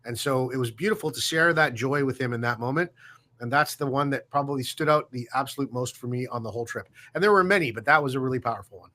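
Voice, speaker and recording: Guy w a bright clear voice, talks slow and thoughtful, lots of ums, telling a story as a guest. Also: medium pitch. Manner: warm, reflective, halting with fillers. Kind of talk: casual storytelling.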